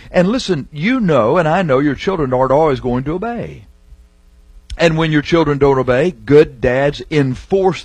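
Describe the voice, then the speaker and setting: A middle-aged male preacher delivers an emphatic sermon, drawing out key words when he reads scripture. His voice is husky and sits at an ordinary pitch. The sound is dry and close. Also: darkish tone, dry recording. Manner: emphatic, slows down to stress scripture phrases.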